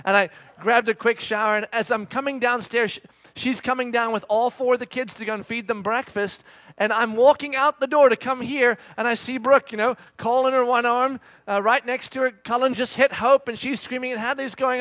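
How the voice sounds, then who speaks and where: A high, bright-voiced man in his thirties preaches in a relaxed, story-driven way, acting out family voices as he goes. His sound is close and dry, with little room around it. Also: brisk, no room sound. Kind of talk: conversational sermon with storytelling.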